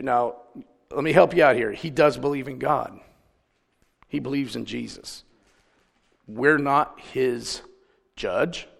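A man's voice: medium pitch, gravelly, a bit bright, in a large hall. A man preaching a conversational sermon, telling stories and putting questions to the congregation. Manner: storytelling, asks the congregation questions.

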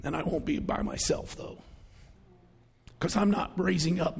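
Male pastor, high husky gravelly voice, folksy sermon with loud bursts and hushed asides, church hall reverb. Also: moderate pace. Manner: folksy, conversational preaching with sudden loud outbursts and hushed asides.

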